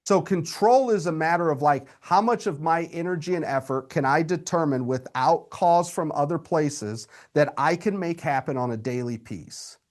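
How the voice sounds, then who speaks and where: A man, coaching real estate agents in a live webinar, energetic and direct with his audience. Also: a little high, moderate pace, few pauses. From Indiana, USA.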